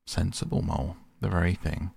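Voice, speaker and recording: A masterful male water rat takes charge in brisk, hearty orders, voiced by a man reading a bedtime story. The voice sits deep and gravelly with a husky grain, close and dry. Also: fairly even intonation, a little mellow, no echo, heavily acted.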